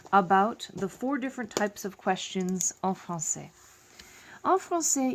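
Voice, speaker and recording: Slow, deliberate woman teaching French. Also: medium pitch, a little mellow. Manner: slow, deliberate explaining, repeating phrases in two languages; self-deprecating asides. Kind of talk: classroom lesson.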